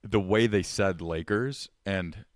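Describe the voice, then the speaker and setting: Man, podcast co-host, deep voice, casual chat, animated, dry sound. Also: slow, no echo. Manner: animated storyteller, acts out quotes.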